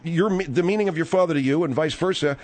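A man's voice: a little high, fast talker, a little mellow. A man hosting a comedy radio talk show, hesitant and soothing, often stammering over his words.

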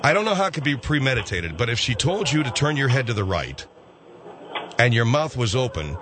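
A man hosting a talk-radio show, questioning callers in a dry, deadpan way and reading out show announcements. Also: medium pitch, a little fast, noisy background. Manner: dry, probing interviewer, deadpan.

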